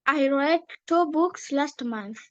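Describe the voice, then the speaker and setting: A woman's voice: high voice, slow, fairly bright tone, dull audio. A woman studying English, answering drill questions in careful full sentences. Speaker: English student.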